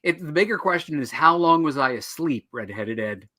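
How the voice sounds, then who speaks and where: A man hosts a live online comics show with a bright, forceful voice that sits fairly high. He keeps up jokes and teasing, poking fun at himself. The sound is dry, close and without room echo. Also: animated, moderate pace. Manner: jokey, self-deprecating, upbeat. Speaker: host.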